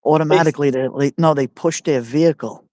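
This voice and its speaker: A man's voice: on the high side, fast, darkish tone, no room sound, studio quality. A man hosting a casual live-stream chat, plainly spoken and agreeable, greeting viewers by name. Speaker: host.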